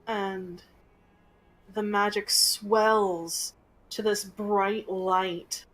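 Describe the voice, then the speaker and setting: Slow-paced woman game master. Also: medium pitch, steady tone, rough recording. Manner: slow, gentle storytelling. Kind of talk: narrating a tabletop game.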